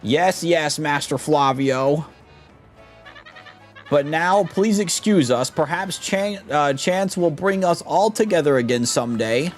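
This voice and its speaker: A man's voice: on the high side, slow pace, faint music behind, pitched above the performer's own voice. A man doing Flavio, a pompous vain adventurer. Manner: theatrical, self-praising. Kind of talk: fan voice acting of a game.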